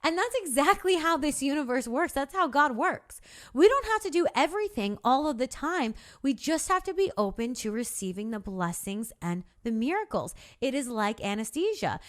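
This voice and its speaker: A young woman with a slightly high voice talks earnestly to her listeners, encouraging them with faith and plain talk. She drops in a casual curse now and then and keeps the tone heartfelt and direct. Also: big pitch swings, normal speed. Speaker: podcast host. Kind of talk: motivational monologue.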